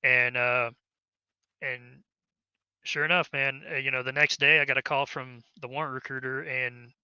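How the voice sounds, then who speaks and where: A man's voice: mid-range voice, level tone, normal speed, sharp tone, clean tone, no room sound, lo-fi sound. A man, an army veteran, casually telling a long story in an interview, rambling with many fillers and restarts.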